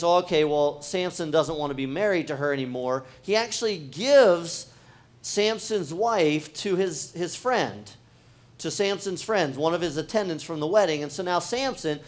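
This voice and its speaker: Conversational pastor preaching casually. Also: male voice, fairly high pitch. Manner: casual, conversational, with many restarts; talks directly to the congregation. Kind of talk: sermon.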